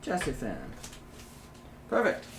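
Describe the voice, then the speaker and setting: A man's voice: medium pitch, wildly swooping pitch, slow, a bit bright, a little hiss or hum. A young man livestreaming while he assembles a computer, chatting with viewers in a blunt, rambling way, swearing and restarting his sentences. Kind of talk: casual live stream chat while building a PC.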